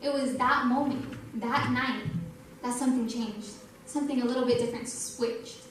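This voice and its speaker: A woman's voice: fairly high pitch, fairly even intonation, moderate pace. A young woman giving an earnest sermon testimony at a youth night, telling her story and saying "like" a lot. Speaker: youth speaker. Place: church hall. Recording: echoey church hall, mic from a distance, faint noise.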